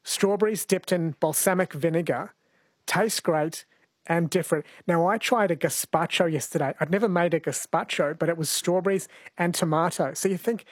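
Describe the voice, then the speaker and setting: An easygoing male radio host with a fairly high voice, chatting and laughing into a studio mic. The sound is close and dry, with no room around it. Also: normal speed, dry recording. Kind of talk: casual radio chat. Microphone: studio microphone.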